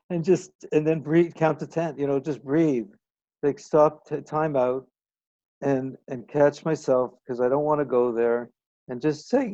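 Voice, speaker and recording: A man's voice: fairly high pitch, fairly even intonation, a little slow, warm tone, no echo. A man talking as a client in a casual conversation, hesitant with stammering restarts, on a dull recording.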